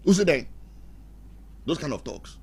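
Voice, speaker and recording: A middle-aged man talks about marriage in a preacher's manner, with a pitch that swings up and down as he acts out little domestic quarrels. He speaks at a middle pitch with plenty of lift. There is a faint hiss behind him. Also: measured pace. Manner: animated, acts out quarrels in put-on voices, laughs at own jokes. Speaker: pastor guest on radio talk show. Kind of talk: preachy marriage advice talk. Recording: faint background noise.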